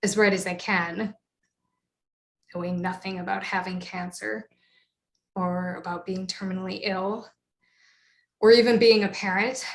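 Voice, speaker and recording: A woman performs a solo theatre monologue, her mid-pitched voice wry and self-doubting. A roomy echo hangs around her. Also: steady tone, measured pace, long pauses.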